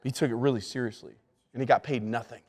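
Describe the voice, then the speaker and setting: Pastor teaching in an echoing hall. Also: male voice, medium pitch, steady tone, fast, a little mellow. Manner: emphatic, repeats key words, frequent restarts. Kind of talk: leadership lesson to church staff. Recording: long hall reverb.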